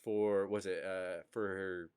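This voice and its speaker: A man's voice: deep voice, takes it slowly, smooth. A man hosting a podcast, chatting casually and telling stories with laughter and swearing. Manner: animated storyteller, swearing, laughing. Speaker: podcast host. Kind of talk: casual chat.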